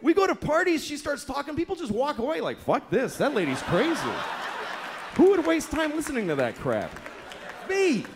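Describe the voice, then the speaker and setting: A man performing stand-up on a club stage, his fairly high voice leaping up and down as he acts out exasperated, profane stories. Laughter from the crowd rises behind him on a live recording with faint background noise. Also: very animated, a little fast. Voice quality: profane, exasperated storytelling with mock-voiced characters. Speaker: stand-up comedian. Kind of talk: stand-up comedy set. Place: comedy club stage before a laughing audience.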